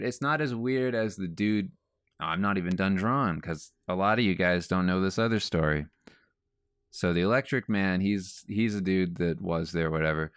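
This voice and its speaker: Low, slow-talking man telling a story. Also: clear, resonant tone, no room sound, studio quality. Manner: rambling, animated storytelling with frequent asides. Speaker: comic artist and podcast host. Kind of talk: casual storytelling while drawing.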